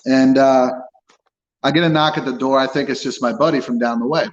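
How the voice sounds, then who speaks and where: A man's voice: mid-range voice, fairly even intonation, fairly quick. Guy telling his own story in an interview, blunt, swears a lot, muffled lo-fi audio. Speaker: interview guest. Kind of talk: candid personal account.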